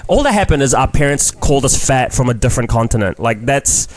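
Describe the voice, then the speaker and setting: A man's voice: mid-range voice, sing-song, fairly quick, a little hiss or hum. A young man with a New Zealand accent, a comedian guest on a podcast, talking frankly and rambling, swearing freely in casual chat.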